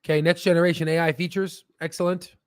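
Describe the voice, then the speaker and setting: A man's voice: fairly high pitch, level tone, fast, no echo. A man hosting a stock market video in a casual, rambling, jokey way, often tossing in "right?".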